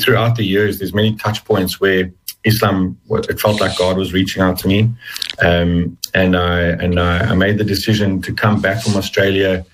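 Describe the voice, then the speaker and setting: Husky-voiced man, deep and earnest. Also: poor audio. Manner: hesitant, many restarts, earnest. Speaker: interview guest. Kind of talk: personal testimony in conversation.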